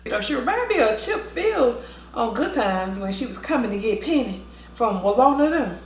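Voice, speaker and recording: Animated woman telling a story in a roomy space. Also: on the high side, normal speed. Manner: lively, dramatic, acts out quoted voices. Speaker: vlogger and former teacher.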